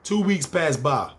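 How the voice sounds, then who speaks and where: A man's voice: fairly high pitch, pushed and bright. A man in his thirties with a New York accent, telling a story from his life in a casual, profane podcast style full of street slang. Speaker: podcast host.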